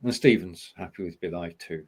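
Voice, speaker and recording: A man hosting a live online chat show, moving things along in a genial, brisk way and readily agreeing with his co-hosts. His voice sits somewhat low. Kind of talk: casual chat on a live video call.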